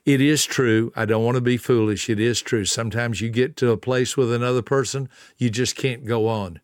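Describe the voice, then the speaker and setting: A middle-aged man, giving a folksy motivational talk. He tells stories, repeats words for emphasis and drops into soft, low tones. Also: fairly even intonation, normal speed, few pauses, no echo, clean studio sound. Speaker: speaker on a self-help talk.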